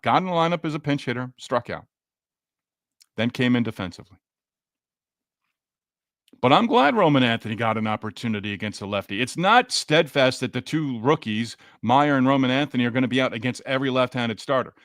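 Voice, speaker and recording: A medium-pitched, somewhat bright male voice comes through clean and dry, like a studio. The host is animated and fairly quick, chatting casually after the game and calling out listeners by name while reading their live comments.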